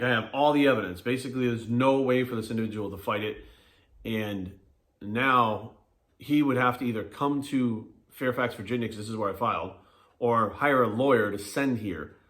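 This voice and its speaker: A man's voice: mid-range voice, fairly bright tone. A man, a personal trainer, ranting casually in a vlog, swearing constantly and acting out what others said to him. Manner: heated, swears constantly, acts out quotes. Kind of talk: casual profane vlog rant. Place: Fairfax, Virginia area.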